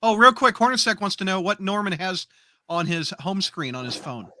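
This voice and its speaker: A man co-hosting a casual comic book review show, reacting quickly and laughing often. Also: high-pitched, very animated, sharp tone, a little hiss or hum. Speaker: podcast co-host.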